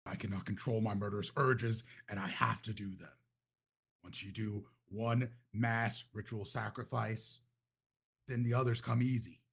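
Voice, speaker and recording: Dude doing a greek accent cult leader guy, slow and calm, kinda low and husky. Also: exaggerated voice. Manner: slow, calm, self-justifying. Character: charming murderous male cult leader ex-lover.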